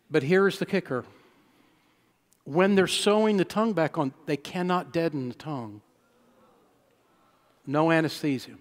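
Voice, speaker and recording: A male pastor preaching a sermon, telling a personal story and building to loud, emphatic peaks. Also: a little high. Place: church sanctuary. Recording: long church-hall reverb.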